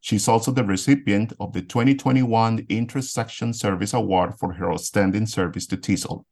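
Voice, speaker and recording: A man hosting a podcast, formally introducing his guests and asking measured interview questions. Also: on the low side, a little mellow. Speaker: podcast host.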